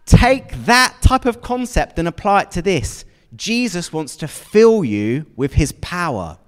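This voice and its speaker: In a church hall with a long, echoing reverb, a man with a high, sing-song voice preaches without hurrying. He talks to his congregation conversationally, often checking in and asking them questions.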